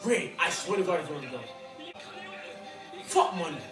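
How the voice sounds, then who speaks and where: A man reacting live to an episode, with loud excited outbursts and heavy profane slang. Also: a little high, moderate pace. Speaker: reaction video host. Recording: roomy, distant mic, show audio behind. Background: episode audio and music playing.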